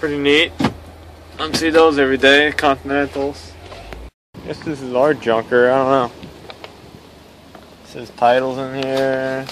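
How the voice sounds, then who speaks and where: A man's voice: medium pitch, flat delivery, a little slow, pauses often, a bit bright, a little hiss or hum, rough recording. A tow truck driver talking casually as he drives, with a griping, sarcastic running commentary. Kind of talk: casual vlog chat while driving.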